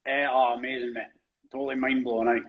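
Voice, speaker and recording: A man's voice: mid-range voice, flat delivery, quick pace, phone-quality sound. A man hosting a podcast, chatting casually and laughing easily on a call. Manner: chatty, laughs easily, distracted by home visitors. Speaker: podcast host. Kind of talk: casual chat.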